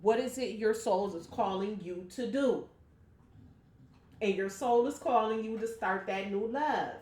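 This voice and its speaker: A woman's voice: medium pitch, a little slow, a little mellow. A woman giving a casual tarot reading at home, talking straight to her viewers in a blunt, chatty way and swearing freely. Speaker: tarot reader. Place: home room. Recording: echoey room.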